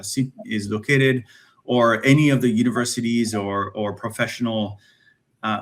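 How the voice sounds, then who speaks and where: Panelist, male, low voice, halting with repeated words, video call. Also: a bit bright. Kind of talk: webinar panel talk.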